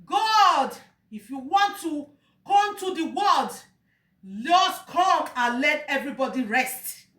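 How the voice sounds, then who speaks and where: A woman's voice: sits high, lively intonation, slow, pushed and bright, far from the mic. A Nigerian woman giving an emotional, pleading monologue, crying out to God and lamenting. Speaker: vlogger. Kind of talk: impassioned monologue. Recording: echoey room, voice off-mic.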